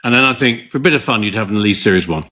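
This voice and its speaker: A man's voice: fairly low pitch, expressive, very fast, bright, forceful tone. A man co-hosting a casual podcast chat, telling long, rambling stories with many restarts. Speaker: podcast co-host.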